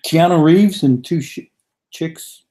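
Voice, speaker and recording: A man's voice: fairly high pitch, slow, warm tone. A man co-hosting a casual movie chat, joking and swearing often. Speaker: co-host.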